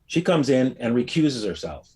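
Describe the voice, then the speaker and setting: A man casually recounting a personal experience, telling it as a rambling, animated story with frequent fillers. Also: mid-range voice, normal speed, slightly rough. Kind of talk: casual anecdote.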